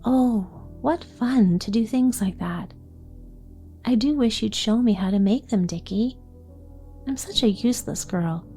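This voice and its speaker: Woman voicing a bright eager little girl. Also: fairly high pitch, measured pace, faint music behind. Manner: eager, polite and warm-hearted. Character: cheerful little lame girl. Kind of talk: bedtime story reading.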